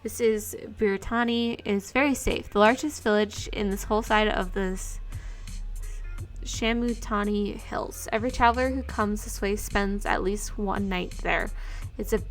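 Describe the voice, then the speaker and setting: A woman puts on a tiny winged sprite with green skin, chirpy and impatient to get moving. Its voice sits in the middle range and has soft music underneath. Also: medium pitch, fairly even intonation, normal speed, close to an everyday voice. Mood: chatty.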